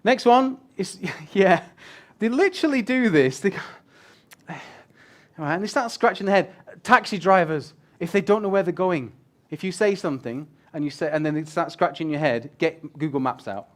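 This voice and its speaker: Male guest speaker, slightly high voice, lively and joking, casual with swearing. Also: moderate pace. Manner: animated, swears casually, jokes with the crowd. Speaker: guest speaker on user experience design. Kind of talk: casual presentation talk. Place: event room with a live audience.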